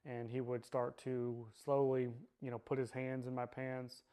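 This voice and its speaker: A man telling his own story in a personal testimony, quiet and subdued, halting and searching for words with many fillers. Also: medium pitch, flat delivery, clear, resonant tone. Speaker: survivor sharing his story.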